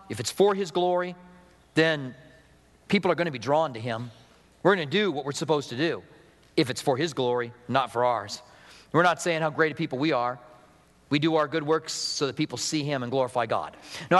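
A middle-aged male pastor giving a conversational sermon, with chatty asides and acted-out dialogue. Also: fairly high pitch. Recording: long hall reverb.

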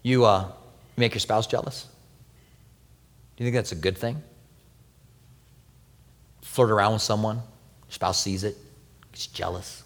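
A man preaching a sermon as pastor, telling personal stories with lively, animated delivery and acting out quoted prayers in a soft voice. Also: on the low side, a little slow, long pauses, long reverb tail. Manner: animated storytelling, acts out quoted prayers softly.

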